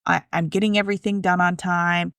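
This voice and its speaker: A woman hosting a spiritual podcast, telling her story in a lively, step-by-step way. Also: lowish voice, fairly quick, creaky, dry recording, studio quality. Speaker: podcast host. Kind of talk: casual spiritual conversation.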